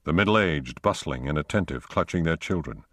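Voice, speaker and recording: A man reading a thriller audiobook aloud in a measured, steady narration. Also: very deep voice, no room sound, clean studio sound. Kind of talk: scripted narration.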